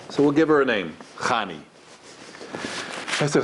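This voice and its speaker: A man's voice: moderate pace, noisy background. A middle-aged man, a rabbi, giving a storytelling lecture to a live audience in a large room, acting out the people in his stories. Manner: animated, acts out the people in his stories with big pitch jumps.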